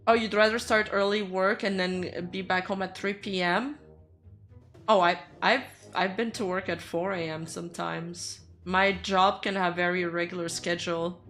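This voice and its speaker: A woman's voice: lowish voice, steady tone, normal speed, a bit bright, soft background music. A woman from Canada, chatting casually and animatedly on her reaction stream and laughing easily.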